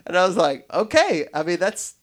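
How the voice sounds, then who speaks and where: A man hosting a podcast, telling stories in a rambling, animated way with many restarts. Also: medium pitch, moderate pace. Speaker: podcast host. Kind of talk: casual podcast chat.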